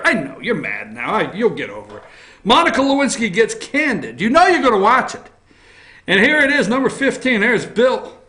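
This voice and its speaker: A man's voice: sits high, pushed and bright. A man hosting a casual opinion talk show from his office, reading through news items with a wry, teasing manner. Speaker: host.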